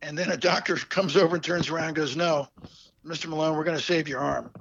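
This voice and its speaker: Man, interview guest, gravelly, higher-pitched, halting, sincere storyteller; muffled lo-fi audio. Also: fairly even intonation, a bit bright, no room sound. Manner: halting, heartfelt, many fillers and restarts. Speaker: guest telling his story.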